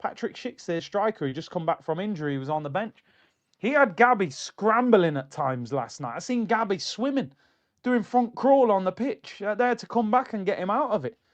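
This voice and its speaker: A man hosting a casual football livestream, talking in an animated, chatty way and answering comments from his chat. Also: sits high, a little fast. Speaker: football streamer.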